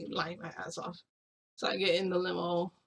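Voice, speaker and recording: A woman's voice: fairly low pitch, a little slow, gravelly, a bit bright, slight background noise. A young woman vlogger casually telling a long story to her viewers, rambling with many fillers and frequent laughs.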